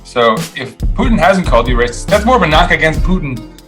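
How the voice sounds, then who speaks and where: A man's voice: a little high, sing-song, brisk, music in the background, poor audio. A man hosting a podcast, giving opinionated, sardonic commentary on the week's news in a loose, rambling way full of fillers and restarts. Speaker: podcast host.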